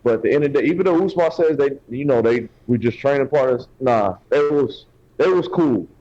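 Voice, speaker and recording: A man's voice: medium pitch, expressive, fairly quick, warm tone. A man co-hosting a casual podcast, arguing his side hesitantly and often repeating words. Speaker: podcast co-host. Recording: dull lo-fi sound.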